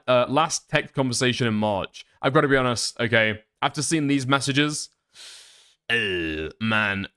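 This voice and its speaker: A man commenting live on stream as he reads through screenshots. He swears freely and thinks out loud, often second-guessing himself. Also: mid-range voice.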